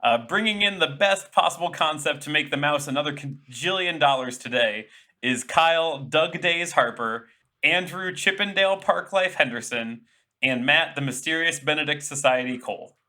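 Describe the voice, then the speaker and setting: A man's voice: on the high side, moderate pace, bright, forceful tone. A man hosting a casual, comedic podcast chat, upbeat and jokey as he moves things along. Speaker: podcast host.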